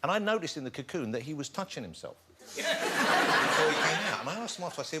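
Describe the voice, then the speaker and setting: A man's voice: a little high, sing-song, fairly quick, very noisy. An English man hosting a talk show, chatting with a guest in a jokey, teasing way and laughing often. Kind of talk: chatty interview. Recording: studio audience faintly behind.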